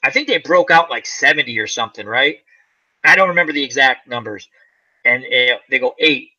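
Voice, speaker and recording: A man's voice: medium pitch, animated, brisk, bright, forceful tone. A man hosting a casual chat, rambling through a movie plot and acting out its lines. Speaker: channel host. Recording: dull lo-fi sound.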